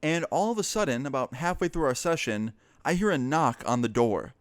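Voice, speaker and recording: A man's voice: fairly high pitch, expressive, brisk, no echo. Young man casually telling a story. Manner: casual, profane, rambling with fillers. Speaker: vlogger.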